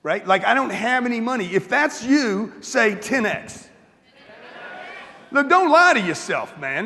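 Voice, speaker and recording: Brash, gravelly high-voiced man in a hall. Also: bright, forceful tone. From United States. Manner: brash, blunt and profane, rousing the crowd with questions. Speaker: motivational speaker. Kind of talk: live motivational talk to an audience. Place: large event hall with an audience. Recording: long reverb of a large hall.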